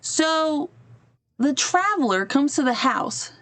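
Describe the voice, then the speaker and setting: A woman's voice: high voice, sing-song, slow, fairly bright tone. A woman hosting a podcast, telling a story casually while she plays a game on a livestream. She wanders off-topic to fix her stream and briefly acts out the people she quotes. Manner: chatty, digressive, breaks off to fix her stream. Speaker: podcast host.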